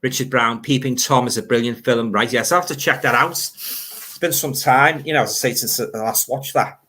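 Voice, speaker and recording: A man's voice: mid-range voice, normal speed, bright, forceful tone, slight background noise. An older man with a Liverpool accent hosting a casual livestream, reading out viewer comments and rambling about films. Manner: rambling, reads viewer comments aloud, grumbles. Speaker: livestream host.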